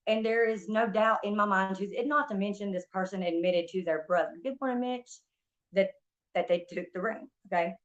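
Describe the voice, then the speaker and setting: A woman's voice: mid-range voice, moderate pace. Woman ranting, profane and heated, lo-fi. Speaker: streamer. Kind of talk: casual storytelling rant. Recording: dull lo-fi stream audio.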